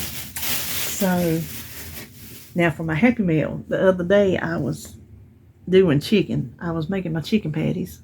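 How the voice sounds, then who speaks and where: With an unhurried delivery, long pauses and vocal fry, a woman vlogger speaks in a low, slightly mellow voice over a faint hiss or hum. She chats at home about things she bought and got by mail, telling stories in a casual, Southern-grammar style.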